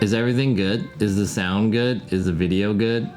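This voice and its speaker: A man's voice: on the low side, fairly even intonation, brisk. A man live streaming from home, chatting casually, rambling and swearing as he answers his viewers. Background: music playing.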